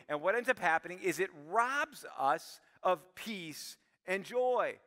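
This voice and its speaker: A man preaching a sermon as pastor, talking animatedly and acting out quick prayers, then dropping to hushed tones. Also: high-pitched, lively intonation, long reverb tail.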